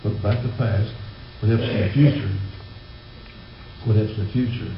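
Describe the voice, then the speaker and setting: Folksy older preacher in church. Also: male voice, lowish voice, fairly even intonation, normal speed, slight background noise. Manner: folksy, chuckling preacher addressing a congregation. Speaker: pastor. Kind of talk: sermon. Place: church sanctuary. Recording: roomy, slightly dull church recording.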